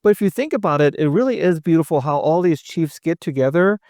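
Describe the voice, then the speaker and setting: A man's voice: on the high side, expressive, fast talker, a little mellow, no room sound, studio quality. A man voicing a clueless, earnest male street reporter who rambles and corrects himself.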